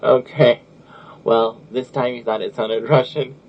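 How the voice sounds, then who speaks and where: A man's voice: medium pitch, steady tone, a little slow. Chatty American-hosted podcast man, lo-fi. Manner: chatty, laughs often, restarts. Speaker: podcast host. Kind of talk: casual chat. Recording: lo-fi audio with faint noise.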